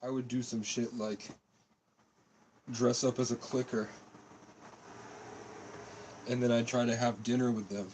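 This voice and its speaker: A man's voice: medium pitch, flat delivery, unhurried, long pauses, a little mellow, slight background noise, rough recording. A man doing a crude, absurd improvised livestream outdoors on a street, cold and coughing from cigarettes. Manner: absurd, silly, crude banter. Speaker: comedian livestreaming.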